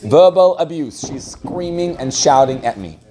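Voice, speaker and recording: A man's voice: a little high, expressive, unhurried, mellow. A man speaking to a live audience, telling a story in a chatty way with frequent restarts and laughter. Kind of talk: storytelling talk on marriage.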